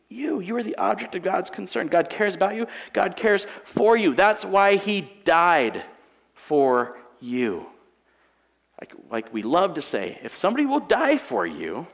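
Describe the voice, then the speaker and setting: Gravelly high-voiced young preacher. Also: male voice. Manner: conversational, swings from quiet to emphatic. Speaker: pastor. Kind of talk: sermon. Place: church sanctuary. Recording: long reverb of a large hall.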